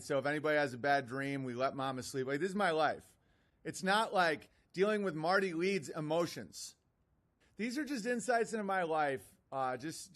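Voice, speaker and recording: A man's voice: a little high, a bit bright. A man in his thirties hosting a livestream, reading out messages and mocking them bluntly. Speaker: livestream host.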